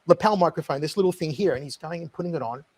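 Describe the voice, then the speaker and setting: A man with a high voice tells a comic anecdote at a rapid clip. He is animated and slips into the voices of the people in his story as he goes. His delivery is that of a host spinning a behind-the-scenes tale. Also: husky. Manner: animated, acts out quotes. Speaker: talk show host telling an anecdote.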